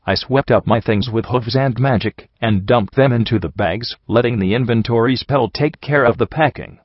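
A man narrating a first-person fantasy story as an audiobook reader, in a steady dramatic reading. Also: medium pitch, normal speed, no room sound, dull audio.

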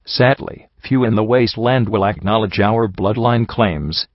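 A man reading the lines of a calm, dignified aristocratic unicorn prince in a storybook. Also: fairly low pitch, a little slow, dry recording, lo-fi sound, close to an everyday voice.

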